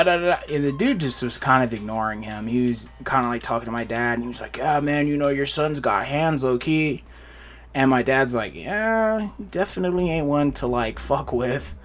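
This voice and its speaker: A young man casually retelling a wild fight story, acting out the other people's lines as he goes. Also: mid-range voice. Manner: animated retelling with voiced quotes.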